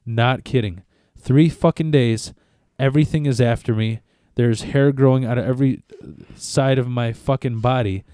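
Dark-voiced man telling a rambling story. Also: mid-range voice, steady tone, normal speed, few pauses, clean tone, dry recording, studio quality. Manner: rambling, profane, self-interrupting. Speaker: podcast co-host. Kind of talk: casual chat, storytelling.

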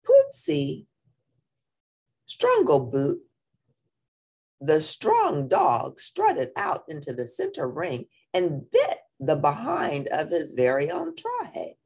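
A woman reading a children's picture book aloud in an expressive, playful way. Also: low voice, slow, hardly any pauses, husky. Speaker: storybook reader.

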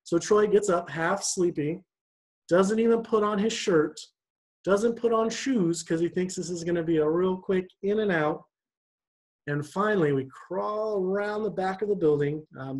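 A young man with a slightly higher-than-average voice tells a personal story during a church devotion. His delivery is animated and conversational, as if chatting with friends. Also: normal speed, rough recording.

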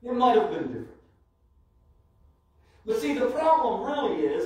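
Slow, emphatic man preaching in echoey church. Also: very high-pitched, sing-song, darkish tone. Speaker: pastor. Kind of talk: sermon. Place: church sanctuary. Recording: very echoey church, mic from far off.

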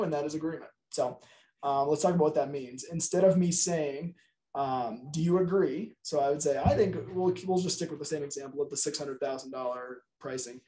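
A middle-aged man teaching a casual class on real estate negotiation, chatty and informal, acting out quick quoted replies from clients. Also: a little high, warm tone.

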